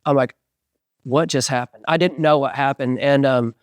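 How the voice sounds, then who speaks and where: A middle-aged man with a mid-range voice tells a story in an animated way and slips into other people's voices as he quotes them. Dense fillers and restarts run through his talk. His voice is recorded dry and close, with no room sound. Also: medium pitch, moderate pace, dry recording. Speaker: interviewed musician. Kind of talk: casual storytelling interview.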